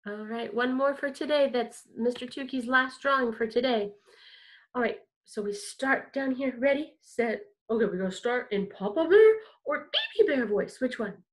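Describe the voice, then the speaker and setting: Speaking at a moderate pace in a somewhat high voice, this woman leads an online music lesson for kindergartners. Her tone is upbeat and supportive, and she uses simple language for the little ones.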